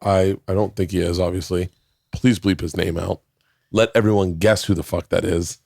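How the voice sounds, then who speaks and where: A man's voice: low-pitched, little pitch movement, moderate pace, vocal fry, darkish tone, dry recording, clean studio sound. A man in his forties, a podcast guest, telling a rambling story with lots of swearing and self-talk in casual chat. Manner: rambling storytelling, heavy swearing, acts out his own inner voice.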